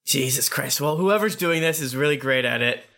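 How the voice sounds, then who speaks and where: A man's voice: medium pitch, moderate pace, bright, forceful tone. A man playing a tabletop game, joking and swearing casually with friends. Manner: joking, swears freely, offhand. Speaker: player.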